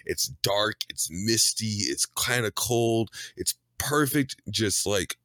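Deep voiced dude chatting, jokey and keen, no room sound at all. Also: male voice, expressive, bright, forceful tone, no echo, studio quality. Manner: eager, laughs easily, quick to joke. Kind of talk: casual chat.

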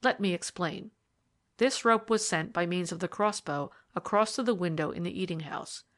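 A woman's voice: lowish voice, normal speed. Woman reading a classic mystery aloud. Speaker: audiobook reader. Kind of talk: scripted narration.

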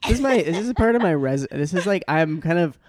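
A man hosting a casual podcast, rambling in halting, self-deprecating talk. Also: on the high side, expressive, darkish tone, dry recording, clean studio sound. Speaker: podcast host.

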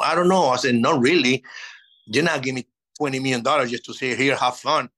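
A man in his fifties, a native Spanish speaker, telling lively stories in a casual interview and acting out old conversations. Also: mid-range voice, rough recording. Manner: animated, acts out past dialogue. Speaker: interview guest.

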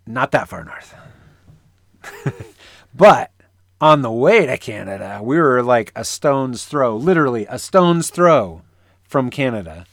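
A man's voice: mid-range voice, expressive, a little slow, fairly bright tone, no echo, clean studio sound. A man co-hosting a casual podcast, joking and rambling with many restarts. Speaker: podcast co-host. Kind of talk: casual chat.

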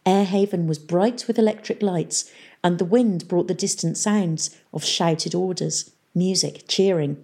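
Husky woman reading a story. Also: on the low side, measured pace. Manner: steady, storytelling delivery. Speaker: narrator. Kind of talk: audiobook reading.

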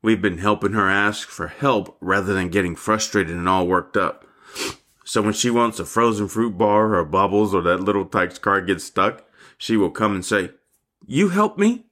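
An older man delivers a devotional sermon with fervent conviction. His voice sits somewhat low, and he calls his listeners family as a pastor would. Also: steady tone, normal speed, a bit bright.

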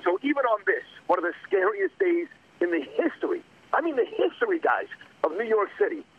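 Middle-aged guy on a muffled phone call, high voice, talking super fast, heated rambling rant. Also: wildly swooping pitch, gravelly, slight background noise. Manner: rapid, heated, rambling rants. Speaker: radio guest calling in. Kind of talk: talk radio phone-in. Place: outdoors on a windy street.

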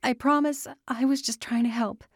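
A woman's voice: fairly low pitch, dark tone, no room sound, studio quality. A woman voicing a distraught young woman pleading with her father in an audiobook. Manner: urgent, pleading, rapid questions.

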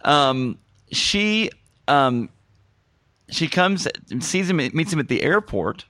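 A man's voice: fairly high pitch, slow, no room sound, clean studio sound. A young man hosting a casual movie-review podcast, joking and laughing at his own lines. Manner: jokey, animated, laughs at his own jokes. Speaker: podcast host.

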